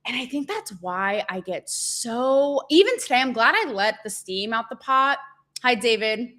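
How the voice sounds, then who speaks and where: A woman hosting her show, talking candidly in a profane, animated, rambling and self-mocking way. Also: a little high, a little slow. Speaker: show host. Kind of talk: candid livestream monologue.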